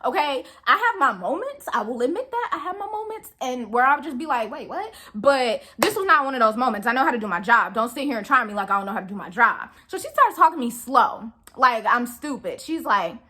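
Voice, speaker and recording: A woman's voice: fairly high pitch, very animated, a little fast, few pauses, bright, forceful tone. A young adult woman vlogging a casual storytime about a rude customer at work, exasperated and full of rhetorical questions.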